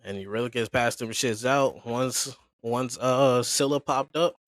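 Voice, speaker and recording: A man's voice: medium pitch, measured pace, no echo, clean studio sound. A man casually retelling a story on a podcast, acting out the characters' lines in slang. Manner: animated retelling with slangy acted quotes. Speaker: podcast co-host.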